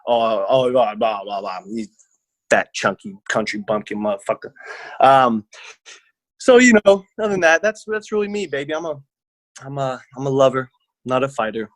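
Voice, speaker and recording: A man's voice: mid-range voice, sing-song, moderate pace, long pauses, no room sound. A man casually telling a story on a podcast, rambling and slangy, acting out what people said. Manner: rambling, slangy, acts out quotes. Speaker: podcast co-host.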